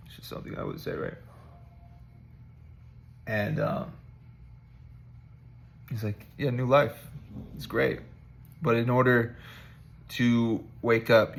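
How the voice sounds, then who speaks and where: A man's voice: mid-range voice, gravelly. A man giving a rambling, conversational devotional talk to his viewers, joking at himself as he encourages them. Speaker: vlogger giving spiritual encouragement.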